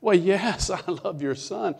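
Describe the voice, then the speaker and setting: A man voicing a desperate man hanging from a cliff branch, pleading loudly with nervous laughs. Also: unhurried. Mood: pleading, frantic. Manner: high-pitched, loud, breathless pleading with nervous laughter.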